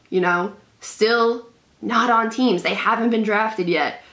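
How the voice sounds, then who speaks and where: Excitable woman reacting live, roomy sound. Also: mid-range voice. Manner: excitable, emotional, repeats exclamations. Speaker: sports channel host reacting live. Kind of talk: live fan reaction commentary.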